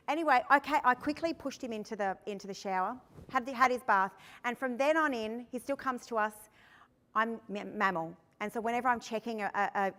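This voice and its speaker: A woman's voice: mid-range voice, a bit bright. An Australian woman who trains foster carers and is one herself, giving a workshop talk in a chatty storytelling way and asking the audience questions. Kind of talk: conference workshop presentation. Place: conference room. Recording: long hall reverb.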